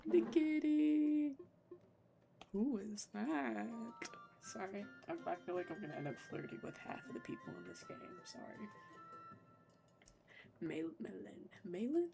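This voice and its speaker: A woman's voice: mid-range voice, huge pitch swings, brisk, vocal fry, darkish tone, soft background music. A young woman chatting casually and self-deprecatingly while playing a game and voicing its characters. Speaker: game streamer. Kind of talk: casual gameplay commentary.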